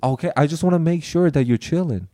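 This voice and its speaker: Defensive young man, slightly high voice. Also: fast talker. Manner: defensive, trying to calm things. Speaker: podcast co-host. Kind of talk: casual podcast conversation.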